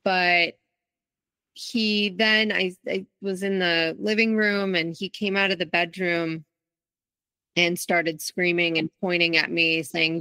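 A woman's voice: lowish voice, little pitch movement, slow pace, sharp tone, clear, resonant tone, dry recording. A woman guest in an interview, telling her own story in a candid, reflective way with frequent restarts. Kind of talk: interview, personal account.

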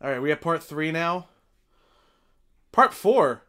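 A young man hosting a live stream from home, chatting casually as he reacts to a film, excitable and profane, now and then breaking into shouts. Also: a little high, measured pace, pauses often. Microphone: desk mic with headphones.

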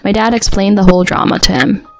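A woman tells a first-person story in an even, steady, mid-pitched voice. Faint music runs quietly underneath her narration. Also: quick pace, gravelly.

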